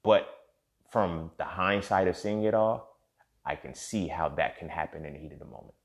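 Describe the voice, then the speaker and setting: A man's voice: low-pitched, moderate pace. A young man, candidly telling a personal story in a casual monologue and acting out the dialogue. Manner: candid and profane, reenacting dialogue, heated in spots.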